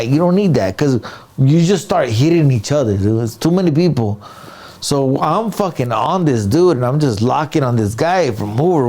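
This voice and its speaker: A comedian in an interview telling a story casually, with street slang, sound effects and many "right?" and "dude" tags. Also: male voice, mid-range voice, a little mellow. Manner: many restarts and fillers.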